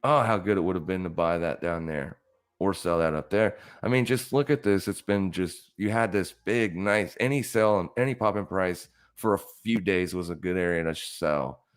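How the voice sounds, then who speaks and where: A man's voice: low-pitched, moderate pace, smooth. A man hosting a live trading stream, talking through charts in a blunt, casual coaching way, repeating himself for emphasis.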